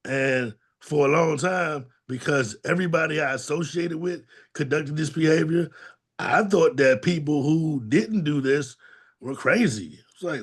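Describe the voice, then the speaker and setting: A man's voice: fairly high pitch, unhurried, breathy edge. A man co-hosting a talk show, giving candid, plainspoken testimony in casual slang and acting out quotes from people in his past. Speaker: podcast co-host and domestic violence advocate.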